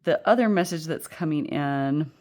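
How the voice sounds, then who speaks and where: A woman's voice: deep voice, normal speed, a little mellow. A woman giving a casual pick-a-card tarot reading, rambling and chatty with many fillers and frequent laughter.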